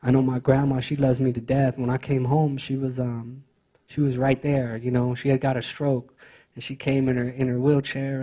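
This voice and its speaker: A man giving a speech at a conference, telling personal stories in an earnest, halting way with many fillers and restarts. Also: medium pitch, breathy edge, dull audio. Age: adult father of teenage sons. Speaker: conference speaker.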